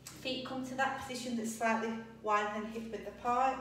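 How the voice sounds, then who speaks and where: A young adult woman teaching a yoga class, calmly cueing breaths and poses, a little out of breath. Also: fairly high pitch, brisk, slight background noise. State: slightly out of breath. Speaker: yoga instructor. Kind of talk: guided yoga class instruction. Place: yoga studio. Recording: echoey room, voice a bit distant.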